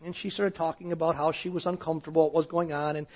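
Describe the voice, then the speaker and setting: A male pastor preaching in a conversational storytelling way, often dropping to a hushed voice. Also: on the high side, little pitch movement, fast. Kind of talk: sermon storytelling. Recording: dull lo-fi sound.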